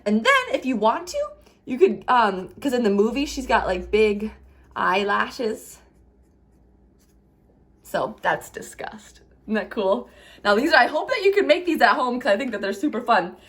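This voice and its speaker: A young woman gently teaching children a craft, playful and asking them questions as she draws. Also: on the high side, animated, measured pace. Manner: warm, playful, asks kids questions.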